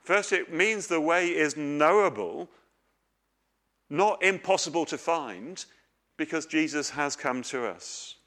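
A man's voice: a little high, fairly bright tone. A middle-aged man preaching a sermon, earnest and questioning, with homely stories.

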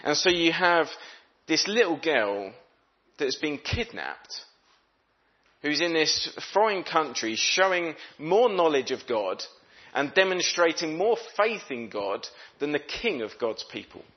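A man's voice: a little high, sing-song, measured pace, dull audio. A man preaching a sermon, reading scripture aloud and talking it through in an easy, conversational way, sometimes voicing what the characters think. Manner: conversational, voices characters' thoughts.

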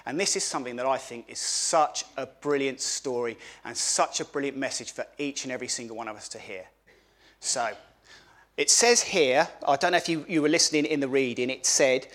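A man giving a children's sermon at a family church service, animated, asking the children questions and repeating words for emphasis. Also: medium pitch, a little fast.

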